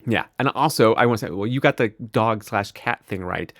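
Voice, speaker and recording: A man co-hosting a podcast, chatting casually and joking with a playful deadpan. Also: on the low side, brisk, no echo, clean studio sound. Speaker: podcast co-host. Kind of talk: casual chat.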